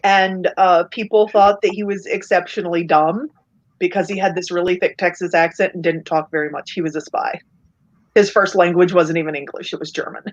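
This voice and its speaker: A woman chatting casually, telling stories with lively acted-out quotes. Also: fairly low pitch, fairly quick, dull audio. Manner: animated storyteller, acts out quoted voices. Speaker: podcast co-host. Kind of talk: casual storytelling chat.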